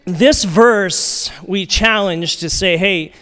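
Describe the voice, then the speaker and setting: A pastor delivers his sermon unhurriedly in a church sanctuary, his voice on the high side and a bit bright. He keeps it casual and chatty, often using fillers and starting over, while the big hall adds long reverb.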